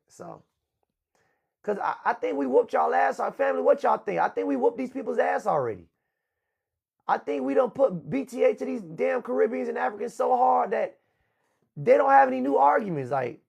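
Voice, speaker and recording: A man's voice: high-pitched, gravelly, breathy edge. Een man die als presentator van een livestream een luide, grof gebekte en opschepperige tirade houdt. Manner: loud, profane, boastful rant. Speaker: host. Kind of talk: livestream talk show.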